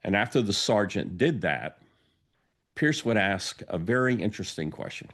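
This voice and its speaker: A man with a somewhat low voice hosts a podcast in a storytelling monologue. He tells an anecdote and briefly acts out the quoted lines of the people in it. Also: lively intonation, normal speed, fairly bright tone. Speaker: podcast host.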